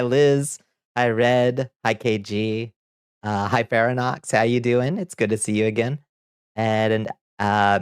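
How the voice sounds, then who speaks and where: Male streamer, low-pitched, easygoing and chuckly, dry close mic. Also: clean tone, no echo. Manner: laid-back, chuckles often, greets chat by name. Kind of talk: casual livestream chat.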